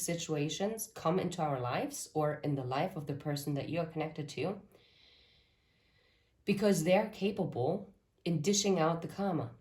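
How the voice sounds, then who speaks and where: Giving a channeled tarot reading to camera, a woman speaks in a fairly low voice with a darkish tone. Her talk of spirit messages is earnest, though she keeps breaking off to ramble.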